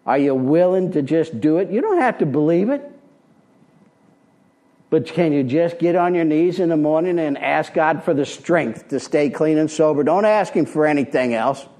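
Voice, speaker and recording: A man's voice: fairly high pitch, lively intonation, normal speed, dark tone. An older man giving a personal testimony talk at a recovery meeting, blunt and plainspoken. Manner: blunt, plainspoken, street-wise.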